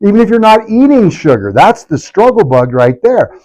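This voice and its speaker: A man giving a lively health workshop to a live audience, asking the room questions and acting out patients' complaints in a jokey way. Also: mid-range voice, quick pace, hardly any pauses, lo-fi sound. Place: clinic event room.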